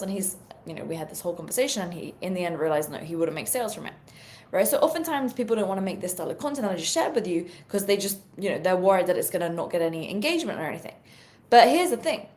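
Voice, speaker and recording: A young British woman talking to viewers on a live stream, energetic and chatty, with plenty of fillers as she coaches on social media sales. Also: mid-range voice, rapid-fire.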